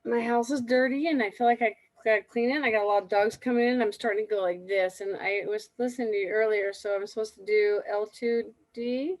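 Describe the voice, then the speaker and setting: A woman's voice: mid-range voice, fairly even intonation, fairly quick, hardly any pauses, a little mellow, dry recording. Anxious rambling woman caller. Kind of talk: casual phone-in chat.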